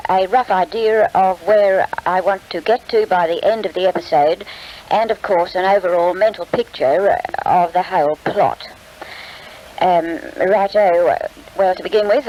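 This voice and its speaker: An older woman, a radio serial writer, talking in an unhurried way with frequent ums and uhs. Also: mid-range voice, darkish tone, rough recording. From Australia. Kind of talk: relaxed interview and dictation.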